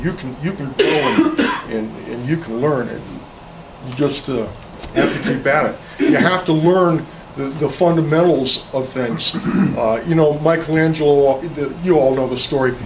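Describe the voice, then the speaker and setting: A man's voice: on the high side, a little hiss or hum. Folksy man, rambling, distant mic. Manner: folksy, rambling, tells jokes, restarts words. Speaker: chainsaw carving instructor. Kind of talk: casual workshop talk to an audience. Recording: distant mic, faint room ambience.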